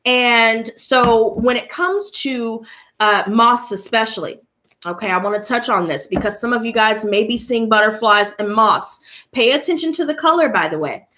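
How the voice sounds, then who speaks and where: A woman tarot reader chatting casually to her viewers, telling an animated story and addressing them directly. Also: a little high, moderate pace.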